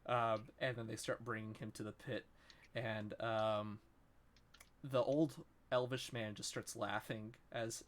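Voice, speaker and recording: This is a man running a tabletop game, describing scenes in a loose, easygoing way full of small fillers. His voice sits mid-range and carries a gravelly edge. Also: medium pitch. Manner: relaxed narration with many "um"s. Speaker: game master.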